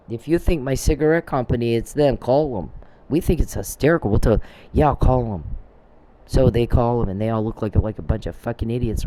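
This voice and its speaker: A man delivers a rambling, profane monologue, calling people out by name. His voice sits dark and mellow at a middle pitch. He drifts into retelling conversations with quoted lines. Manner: profane, accusatory, addresses people directly; storytelling with quoted back-and-forth. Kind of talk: rambling recorded rant.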